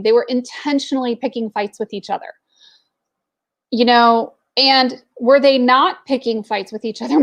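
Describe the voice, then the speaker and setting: A woman in her forties telling a candid personal story in casual talk, with plenty of fillers. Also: fairly high pitch. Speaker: entrepreneur network speaker.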